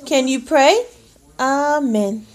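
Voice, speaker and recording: Mom at home getting her little one to say words, high voice, slow and sing-songy. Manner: slow, sing-song prompting with drawn-out words. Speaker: parent. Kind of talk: coaxing a toddler to talk.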